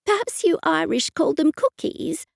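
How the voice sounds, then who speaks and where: A woman's voice: very high-pitched, big pitch swings, normal speed, gravelly, no echo, studio quality, voice pushed up, heavily acted. A woman voicing a bustling, chatty older aunt playing hostess in an audiobook.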